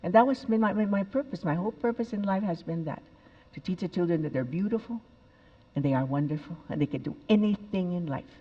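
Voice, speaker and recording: An older woman tells stories on a big stage, animated and expressive, with sudden bursts of emphasis. Her voice rings through a large auditorium with a long reverb. The sound is a little dull and muffled. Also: on the low side, brisk. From El Paso, Texas. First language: Spanish. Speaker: speaker at a TEDx event. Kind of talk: inspirational stage talk.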